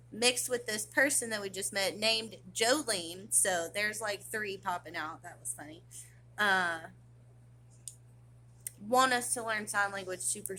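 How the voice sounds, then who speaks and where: Slow, bright-voiced woman vlogger. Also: medium pitch, a little hiss or hum. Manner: rambling, slangy, excitable. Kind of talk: casual chat to camera.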